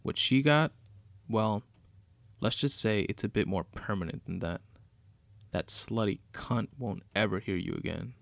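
A man's voice: fairly low pitch, a little slow, gravelly, a bit bright, dry recording. A man voicing a vengeful, sarcastic woman, a murderous former nurse who taunts her captive. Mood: sneering. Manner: sneering, taunting, menacing.

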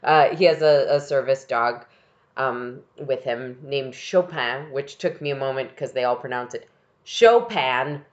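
Low-voiced giggly woman podcast host. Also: steady tone, normal speed, highs cut off. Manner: giggly, chatty, trails off with fillers. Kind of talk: casual chat recapping a TV episode.

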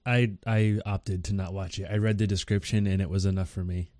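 A man's voice: sits low, little pitch movement, fairly quick, a little mellow, no room sound. A man co-hosting a casual podcast, hesitant with stammering restarts and dry humor. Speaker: podcast co-host. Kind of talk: casual news chat.

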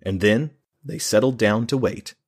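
A man reading a fantasy novel aloud as an audiobook narrator, in a steady, measured way. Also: fairly low pitch, husky.

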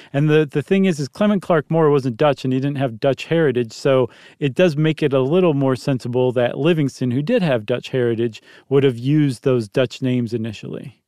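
Smooth-voiced chatty male podcast host. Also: medium pitch, mellow, dry recording, clean studio sound. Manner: chatty, explains history with acted quotes. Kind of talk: casual chat.

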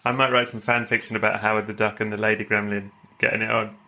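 A man hosting a podcast interview, quick and jokey, enthusiastic and casually swearing. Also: on the low side, level tone, pushed and bright. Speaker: podcast host.

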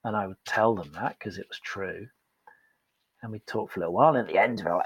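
A man's voice: on the low side, fast talker, husky, dry recording, low-quality recording. A man telling a candid, self-deprecating story as a guest in a casual podcast interview. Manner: candid and self-deprecating, acts out quoted voices.

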